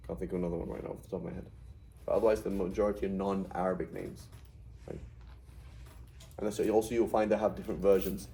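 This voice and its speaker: A man's voice: deep voice, little pitch movement, fast talker, gravelly, pauses often, dark tone, rough recording. A middle-aged man teaching a Quranic Arabic class in a conversational way, often checking with "right?". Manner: explains with frequent "right?" checks.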